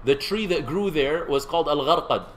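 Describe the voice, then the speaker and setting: At normal speed, a seminary teacher gives a casual, conversational classroom lecture, stopping to test his students and adding light jokes. His somewhat high voice comes through a low-quality recording with a faint hiss underneath.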